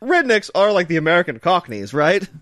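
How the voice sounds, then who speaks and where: A man's voice: high-pitched, big pitch swings, a little fast, fairly bright tone, no room sound. A man co-hosting a podcast in casual chat, rambling and joking with lots of fillers. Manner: rambling, filler-heavy, jokey. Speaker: podcast co-host.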